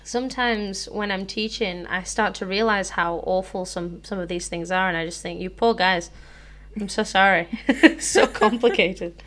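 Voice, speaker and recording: A woman's voice: medium pitch, moderate pace, few pauses. Chatty British woman teaching English. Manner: chatty and explanatory, laughs often. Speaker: English teacher and podcast co-host. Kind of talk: casual teaching chat.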